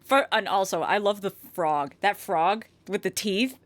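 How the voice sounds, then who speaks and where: A woman hosting a casual reaction video, gushing excitedly and swearing freely. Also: medium pitch, a little slow, dry recording.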